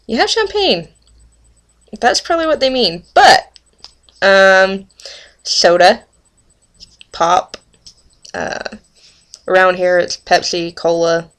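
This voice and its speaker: A woman's voice: on the low side, a bit bright. A woman in her twenties from Utah with a rural Utah accent, talking casually to the camera for a dialect tag video, chatty and full of ums and self-corrections. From Utah, USA. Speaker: vlogger.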